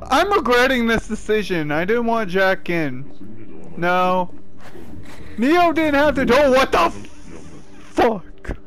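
Loud, swearing gamer guy. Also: very high voice, sing-song, slow, pauses often, slight background noise. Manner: loud, exclamatory, swears a lot. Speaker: video game player. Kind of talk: let's play commentary.

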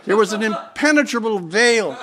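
A man from Newfoundland, with the accent to match, holds forth at a conference lectern in a strikingly high voice. He spins comic anecdotes with theatrical relish and pounces on sudden emphatic asides. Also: animated, moderate pace, a bit bright. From Newfoundland, Canada. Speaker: conference speaker. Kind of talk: humorous storytelling speech. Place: conference hall before a live audience.

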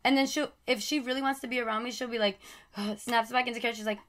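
Here a young mother in her twenties is casually chatting on a podcast with friends, her laid-back slang full of "like" and "bro" fillers. Her fairly high, fairly bright voice moves quickly with fairly even intonation.

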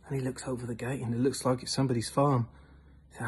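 A man telling a long joke in an animated way, swinging between loud and hushed delivery. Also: mid-range voice, fast, husky. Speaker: joke teller.

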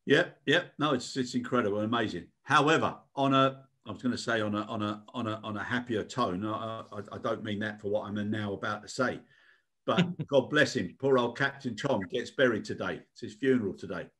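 A man's voice: lowish voice, fairly quick, a bit bright. A British man co-hosting a casual podcast chat, speaking earnestly and repeating words as he goes. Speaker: co-host.

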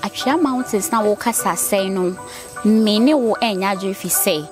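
A woman from Ghana presenting and interviewing on location, explaining events to viewers in a steady, storytelling way. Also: mid-range voice, measured pace, over music. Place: outdoors on a mountain.

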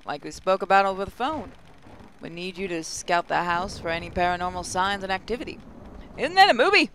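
A man voicing a crude, gruff Australian male ghost-hunter boss who talks bluntly and swears while giving orders. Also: high-pitched, expressive, a little fast, a bit bright, slight background noise. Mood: instructing.

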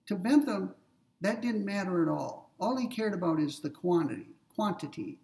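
A man's voice: high voice, expressive, moderate pace, creaky, darkish tone, far from the mic. A man giving a philosophy lecture, explaining step by step with everyday examples and checking in with his listeners. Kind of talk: recorded ethics lecture.

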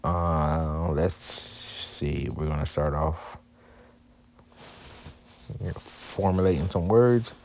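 A man narrates a craft video casually, poking fun at himself as he goes. His voice sits extremely low and deep. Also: extremely slow, long pauses, darkish tone, a little hiss or hum. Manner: candid, joking, self-deprecating.

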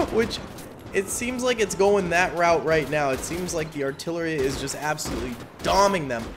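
A man giving casual, excitable gameplay commentary on his gaming channel, exclaiming at big moments. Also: fairly high pitch, normal speed. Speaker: gaming YouTuber. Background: faint game gunfire and music.

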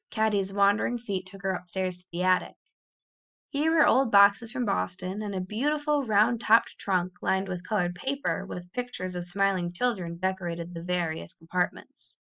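A woman reading a children's novel aloud in a clear, expressive storytelling voice. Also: medium pitch, normal speed. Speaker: audiobook reader.

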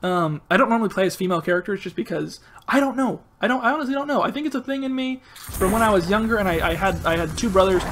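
Excitable high-voiced young man gaming. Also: fast talker, a little hiss or hum. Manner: excitable, yelling in bursts, self-mocking. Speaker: gaming channel host. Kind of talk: live gameplay commentary. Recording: music playing loudly underneath.

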